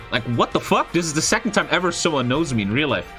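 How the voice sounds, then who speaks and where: A young man, a streamer, telling a story in casual, profane, expressive chat. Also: on the high side, fast talker, faint music behind. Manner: profane, expressive, frequent swearing.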